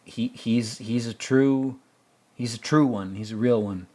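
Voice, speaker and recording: A man's voice: medium pitch, measured pace, mellow. A man hosting a casual film commentary, rambling and stammering with joking asides. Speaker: host.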